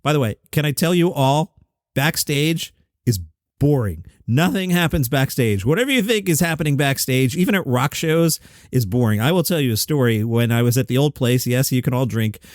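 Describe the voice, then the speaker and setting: A man's voice: mid-range voice, animated, normal speed, dry recording, clean studio sound. A man hosting a comedy news show, recapping headlines in a casual, wry way with joking side comments. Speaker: comedy news podcast host.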